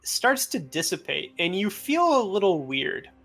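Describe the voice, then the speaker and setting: A man narrating a tabletop role-playing game as game master, talking in a relaxed, loose way with fillers. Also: high-pitched, measured pace, gravelly.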